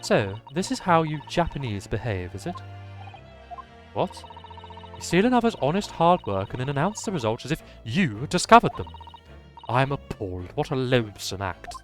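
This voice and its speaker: A man's voice: mid-range voice, sing-song, normal speed, soft background music, lightly acted. A man voicing a condescending upper-class Englishwoman with an English accent, drawling and sneering. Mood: haughty.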